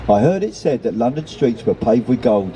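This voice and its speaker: A man's voice: medium pitch, big pitch swings, moderate pace, warm tone, a little hiss or hum, natural voice, low-quality recording. A man reading a story, voicing a self-assured male seagull with a put-on Kent accent. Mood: boastful.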